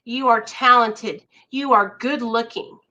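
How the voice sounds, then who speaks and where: A woman with a high voice talks in blunt, caring words to a friend. Her tone is bright and clear. She pleads with him as she talks. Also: steady tone, slow, muffled recording. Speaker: host. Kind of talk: casual chat.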